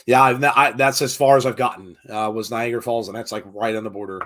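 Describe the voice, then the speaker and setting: A man's voice: medium pitch, fairly even intonation, fast, fairly bright tone. A middle-aged American man chatting through a live wrestling watch-along. He rambles with lots of fillers and reads viewers' comments aloud as he goes. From United States. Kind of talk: casual live commentary chat.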